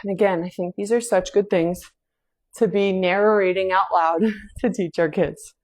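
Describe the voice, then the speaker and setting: A woman's voice: mid-range voice, fairly even intonation, moderate pace. A woman hosting a home workout, counting reps aloud and chatting about faith between sets, sighing and a little out of breath as she exercises. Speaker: fitness instructor and host. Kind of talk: casual workout coaching with faith reflections.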